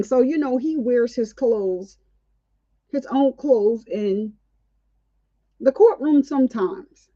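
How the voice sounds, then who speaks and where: A woman's voice: a little high, expressive, slow, long pauses, mellow, no room sound, dull audio. A woman hosting a casual, outspoken commentary on a court trial, indignant and chatty. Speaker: commentary channel host.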